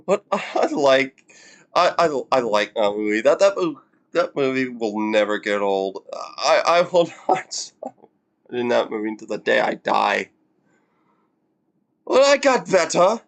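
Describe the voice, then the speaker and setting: A reaction streamer rambles casually with lots of stammered restarts and frequent laughter. The voice swings widely in pitch, while the overall delivery stays unhurried. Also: expressive, gravelly.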